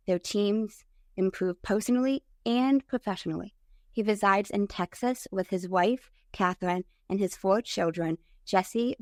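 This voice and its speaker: A woman's voice: medium pitch, dry recording, clean studio sound. A woman hosting a podcast interview, upbeat and enthusiastic as she introduces and questions her guest. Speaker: podcast host.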